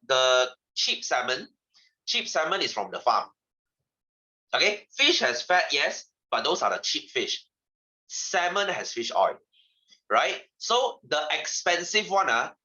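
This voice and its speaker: A man's voice: mid-range voice, sharp tone, lo-fi sound. A man giving a chatty science lesson to his class, asking questions and repeating himself. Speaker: science teacher. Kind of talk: classroom lecture.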